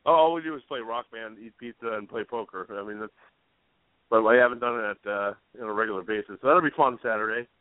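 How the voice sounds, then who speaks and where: A man's voice: fairly low pitch, fast talker, smooth, no room sound. A man co-hosting a radio show, chatting casually with an easygoing, teasing manner. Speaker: radio co-host. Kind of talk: casual chat. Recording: dry tinny phone-like sound.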